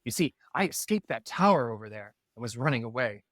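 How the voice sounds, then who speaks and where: A man's voice: medium pitch, very animated, a little fast, fairly bright tone, no room sound, studio quality. A man voicing a tiny, naive newly hatched bird with a breathless, innocent manner. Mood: frightened, relieved.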